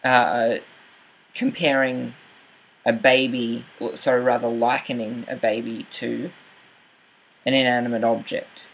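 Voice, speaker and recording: A man's voice: mid-range voice, level tone, measured pace, creaky, pauses often, a bit bright, poor audio. A young man talking through how to read a poem closely, hesitant, with fillers and self-corrections. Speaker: writing channel host. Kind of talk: casual explanatory talk with poetry reading.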